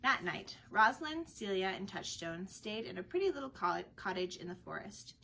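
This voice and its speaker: Bright-voiced woman reading a storybook. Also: medium pitch, very animated, moderate pace, a little hiss or hum, rough recording.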